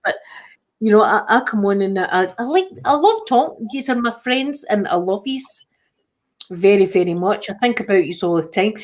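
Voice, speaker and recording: A Scottish woman hosts a relaxed livestream chat. She rambles and restarts her sentences often as she talks to her viewers. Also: medium pitch, normal speed. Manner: chatty, rambling, frequent restarts. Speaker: livestream host. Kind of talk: casual chat.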